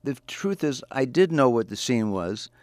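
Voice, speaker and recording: A man's voice: medium pitch, very animated, normal speed, a little mellow, dry recording, clean studio sound. Rambling, stammering comedian man. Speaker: comedian guest. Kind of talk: casual interview chat.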